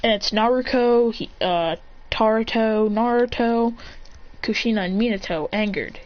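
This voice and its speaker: A woman's voice: fairly high pitch, a little slow. A woman casually improvising a fan-fiction story, rambling and correcting herself, on a slightly muffled recording. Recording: slightly muffled, faint hiss.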